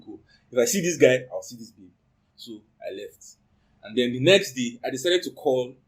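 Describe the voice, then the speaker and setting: Husky-voiced Nigerian young man. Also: medium pitch, low-quality recording. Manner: animated, acts out quoted speech, pidgin slang. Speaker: co-host. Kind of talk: casual storytelling.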